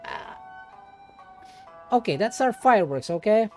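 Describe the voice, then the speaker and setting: A woman's voice: mid-range voice, big pitch swings, a little slow, faint music behind. A young woman streamer reading a story aloud with playful, self-mocking asides.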